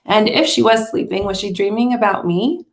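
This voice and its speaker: A woman teacher calmly reading a children's novel aloud, measured and steady, in a roomy recording. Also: mid-range voice. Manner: calm, measured read-aloud. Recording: roomy echo.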